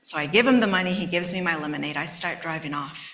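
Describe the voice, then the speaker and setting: A woman's voice: sits low, fast talker, a bit bright. Heartfelt woman telling a testimony. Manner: candid, heartfelt, close to tears at times. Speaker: conference speaker. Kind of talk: personal testimony storytelling. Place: large conference hall. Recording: echoey hall.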